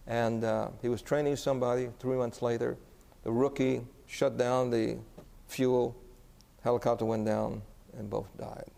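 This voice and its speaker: A man's voice: mid-range voice, level tone, measured pace, creaky, warm tone. A man preaching as a pastor, telling a story earnestly and asking the congregation questions. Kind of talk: sermon storytelling. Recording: echoey hall.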